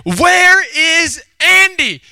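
A man voicing a stubborn little girl who keeps demanding answers in a high, whiny, repetitive voice. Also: very animated, very slow, bright, forceful tone, no room sound, clean studio sound, full character voice. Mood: insistent. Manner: high, whiny, repeating questions.

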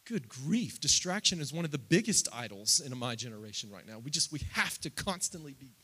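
A man in his thirties preaching a sermon, climbing loud and high through lists and quoted prayers, then dropping low and quiet. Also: big pitch swings, brisk, breathy edge. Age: 30s. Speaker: pastor.

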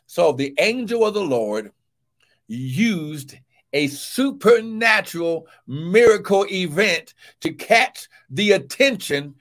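High-voiced fervent preacher man. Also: very animated, slow. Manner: fervent, calls out praise and shouts scripture; drops to a low murmur between shouts. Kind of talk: live-streamed sermon.

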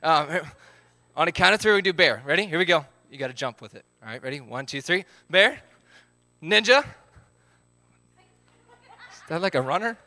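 A man's voice: fairly high pitch, lively intonation, moderate pace, long pauses, bright, forceful tone, dry recording. A man, leading a live group game, upbeat as he calls out counts and instructions.

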